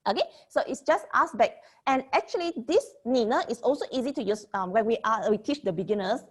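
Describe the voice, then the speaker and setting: A young woman teaching Mandarin grammar in an online lesson, explaining slowly and checking in with "okay?" as she repeats example sentences. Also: a little high.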